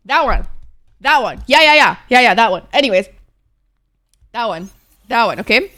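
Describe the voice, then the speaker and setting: A woman's voice: fairly high pitch, normal speed, long pauses. A young woman streamer telling rambling stories in casual chat while gaming. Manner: rambling, animated storytelling.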